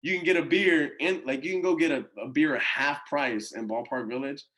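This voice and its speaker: Fast-talking coach spinning a slangy story. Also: male voice, a little high, slight background noise. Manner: animated, slangy and profane, with many acted-out quotes. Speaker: college baseball coach. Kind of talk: casual podcast storytelling.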